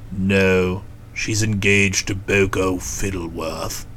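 A woman putting on a gruff, curt young gentleman. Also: a bass voice, steady tone, slow pace, voice pushed down, full character voice. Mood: defensive. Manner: curt, guarded one-word replies. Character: gruff, touchy young Englishman, secretly engaged. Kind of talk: audiobook character voice.

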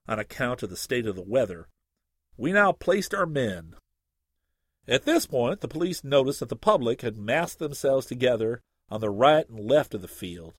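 A man reading a humorous story aloud in an expressive, lively storytelling way. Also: mid-range voice, no echo, clean studio sound.

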